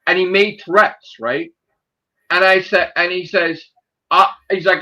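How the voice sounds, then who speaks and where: A man's voice: sits high, measured pace, muffled recording. A man in his forties telling heated, profanity-laced stories in a casual chat. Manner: profane, heated, animated storyteller. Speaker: podcast co-host.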